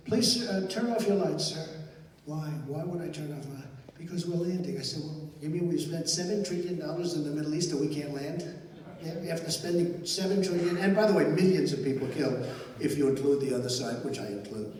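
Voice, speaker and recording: A man's voice: on the high side, a little mellow, far from the mic. An older man giving a rambling rally speech, telling an anecdote with acted-out dialogue. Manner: digressive storytelling, acts out quoted dialogue. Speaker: political speaker at a rally. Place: large indoor event hall. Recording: echoey hall, voice from afar.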